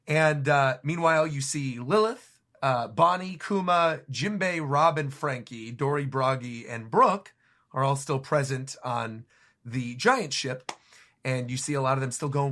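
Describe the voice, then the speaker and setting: A man co-hosting a podcast, casually recapping a comic chapter in a lively way with quick laughs. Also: medium pitch. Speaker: podcast co-host.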